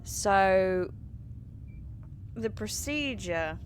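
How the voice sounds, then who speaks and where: Slow, rambling woman streamer. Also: medium pitch, expressive, background noise. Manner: rambling, chatty, filler-heavy. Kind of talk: casual chat.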